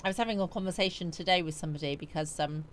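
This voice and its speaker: Sleepy, chatty woman with a low voice. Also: rapid-fire, slight background noise. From West Country, England. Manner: chatty, greets viewers by name and answers their comments. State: sleepy, yawning. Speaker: livestream host. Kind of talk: casual live chat with viewers. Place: small warm home studio.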